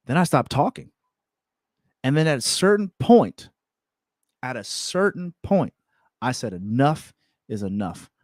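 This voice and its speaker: A young man hosting a self-improvement show, telling a personal story in a candid, repetitive, animated way. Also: a little high, takes it slowly, long pauses, no echo, clean studio sound. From California. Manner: candid, repeats words, animated retelling with laughs. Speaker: self-improvement podcast host.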